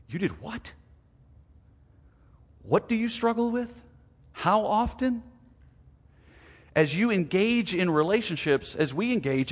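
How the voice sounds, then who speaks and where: A middle-aged male pastor preaching a conversational, self-deprecating sermon with animated emphasis. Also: on the high side, in a large hall. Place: church sanctuary.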